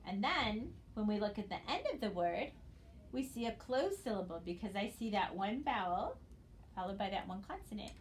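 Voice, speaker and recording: A woman gives a phonics lesson to students she cannot see, talking in a patient, encouraging way. She spells out letters slowly and clearly. A faint hiss runs under her voice. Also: mid-range voice, expressive. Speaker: reading teacher.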